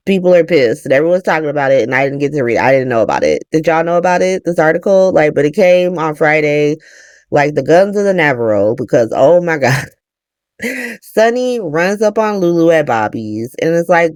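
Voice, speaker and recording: A woman's voice: low-pitched, lively intonation, moderate pace, a little mellow, dry recording, studio quality. Chatty profane woman recapping a soap. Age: young adult. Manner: profane, chatty, laughs often. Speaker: soap opera recap host. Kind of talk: casual recap commentary.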